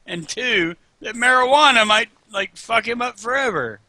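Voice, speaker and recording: Dude with a super bright voice, rambling and cursing a lot while gaming. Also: male voice, extremely high pitch, lively intonation, normal speed, no echo. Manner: profane, joking, rambling. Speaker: host. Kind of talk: casual chat over gameplay.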